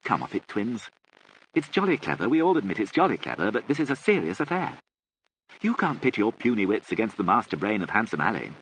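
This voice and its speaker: A man's voice: on the low side, huge pitch swings, fairly quick, fairly bright tone, slight background noise, pitched above the performer's own voice, rough recording. A man voicing a theatrical, flippant young aristocratic woman with breezy upper-class chatter.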